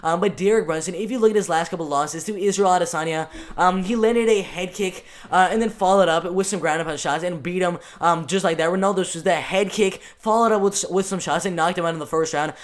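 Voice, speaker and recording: A young man hosting his own fight-prediction channel, talking casually and excitedly with lots of ums and restarts. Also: high voice, a little fast, hardly any pauses. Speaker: MMA channel host.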